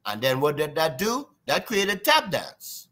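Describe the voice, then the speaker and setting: Trinidadian drummer, male, bright lively delivery, wide pitch swings, sing-song storyteller. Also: a little slow. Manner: lively, sing-song, imitates drum sounds. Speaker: guest drummer. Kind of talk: animated storytelling interview.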